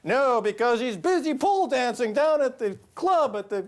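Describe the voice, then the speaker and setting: A man's voice: expressive, moderate pace, few pauses. A man co-hosting a talk show, giving mocking, exaggerated political commentary. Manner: mocking, exaggerated, sweeping pitch.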